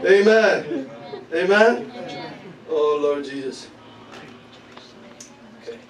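A man, preaching a sermon as pastor, talking back and forth with the congregation and breaking into shouts and laughter. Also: fairly high pitch, animated, extremely slow. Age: 40s. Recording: echoey hall from far off with crowd.

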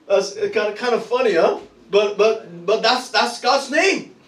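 Preacher, male, very high voice, excitable, laughs mid-sentence, miked from afar in a big echoey hall. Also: measured pace. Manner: excited, laughing often, repeats words. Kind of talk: sermon with call-and-response. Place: church hall with congregation. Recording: roomy hall, from a distance.

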